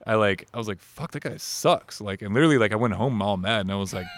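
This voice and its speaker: A man's voice: on the low side, very fast, slight background noise. A man co-hosting a casual podcast, telling a rambling, profane story. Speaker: podcast co-host.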